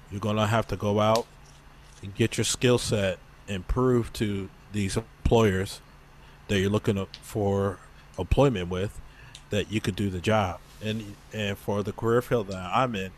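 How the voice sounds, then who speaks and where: A man's voice: lowish voice, slight background noise. A young man co-hosting a podcast in casual chat, speaking bluntly and swearing freely. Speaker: podcast co-host.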